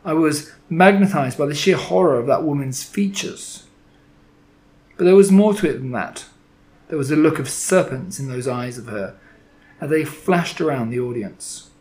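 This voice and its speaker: A man narrating a children's story, with a dramatic, expressive delivery. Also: on the high side, moderate pace. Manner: dramatic, expressive reading with shifting loudness.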